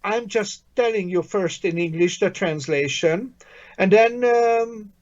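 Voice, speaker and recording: A man's voice: high voice, unhurried, dull audio. A man teaching a language lesson online, patient and encouraging, praising his student often.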